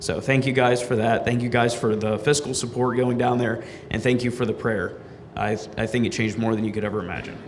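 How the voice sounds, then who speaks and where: A man giving an earnest, halting testimony about a mission trip to his church. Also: mid-range voice, steady tone. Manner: earnest, halting, restarts sentences. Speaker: youth mission trip member. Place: church sanctuary. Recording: long church reverb, faint noise.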